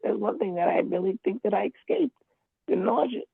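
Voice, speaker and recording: A woman's voice: medium pitch, expressive, fairly quick, creaky, husky, no room sound. A woman calling in to an online class, talking in a rambling, emphatic way and repeating herself. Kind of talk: casual spoken account. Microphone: computer call. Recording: tinny phone-like line.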